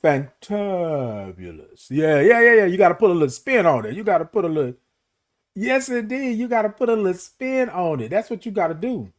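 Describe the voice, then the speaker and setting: A man's voice: high voice, lively intonation, fast talker. A middle-aged man hosting a casual morning live stream, greeting viewers, reading their comments and stretching out words playfully.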